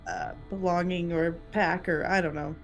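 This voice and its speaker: A woman's voice: on the low side, fairly even intonation, normal speed, faint music behind. A woman casually describing her character's actions in a tabletop game, a little unsure of her words. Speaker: player.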